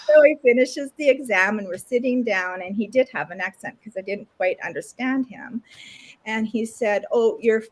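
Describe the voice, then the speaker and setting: A middle-aged woman from Canada, telling a personal story in a casual, animated way as an interview guest. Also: mid-range voice, moderate pace. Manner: animated retelling with lots of acted quotes.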